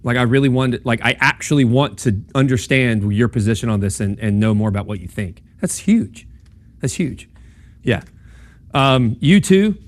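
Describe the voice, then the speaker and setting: A man's voice: mid-range voice, animated, normal speed. A young man giving a casual classroom lecture on logic, talking conversationally with lots of ums and okays and checking in with his listeners. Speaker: campus ministry speaker teaching logic.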